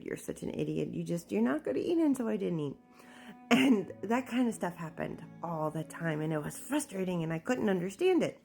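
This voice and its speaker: Gravelly, low-voiced woman telling her story. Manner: candid, animated, acts out quoted speech. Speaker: memoir narrator. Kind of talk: personal storytelling.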